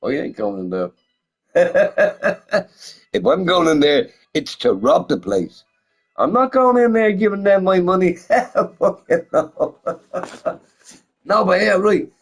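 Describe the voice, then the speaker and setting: A man's voice: high-pitched, expressive, takes it slowly, vocal fry, long pauses, husky, faint music behind, rough recording. A man chatting casually on a stream, swearing often, laughing and firing off rhetorical questions. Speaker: gaming streamer chatting with viewers. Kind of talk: casual rambling chat.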